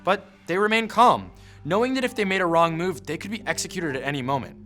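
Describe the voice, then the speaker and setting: A man's voice: sits high, lively intonation, quick pace, pushed and bright, faint music behind. A man giving scripted history narration in a punchy storytelling manner with wry asides.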